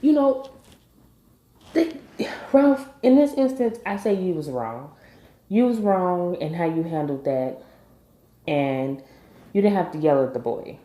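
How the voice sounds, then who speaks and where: A woman's voice: on the low side, animated, unhurried, pauses often, mellow. A woman recapping a TV episode in a casual, emphatic vlog style, bluntly scolding the characters as she goes. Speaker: TV recap vlogger. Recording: echoey room.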